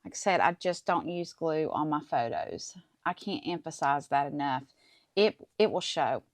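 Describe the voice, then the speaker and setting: A middle-aged woman talks viewers through a paper craft project step by step. Her voice sits a little low, and her manner is chatty and relaxed, like a casual tutorial at a craft table. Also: normal speed, dry recording. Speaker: crafting channel host.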